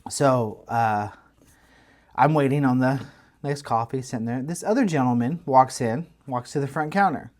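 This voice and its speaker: A man, co-hosting a podcast and telling a long story in a casual, animated way with lots of restarts. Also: medium pitch, moderate pace. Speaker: podcast co-host. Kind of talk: casual chat.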